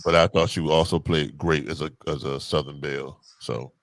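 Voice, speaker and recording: A man co-hosting a casual podcast chat, talking haltingly as he searches for words. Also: a bass voice, steady tone, dry recording. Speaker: podcast co-host.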